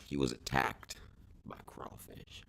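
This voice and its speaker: A man's voice: slow, fairly bright tone, slight background noise. A man co-hosting an improvised comedy podcast, telling absurd stories in a rambling, stammering way. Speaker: podcast co-host.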